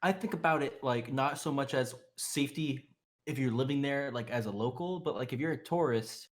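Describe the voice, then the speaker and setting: A man's voice: mid-range voice, a little fast. A young man co-hosting a casual podcast, asking questions and teasing. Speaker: podcast co-host.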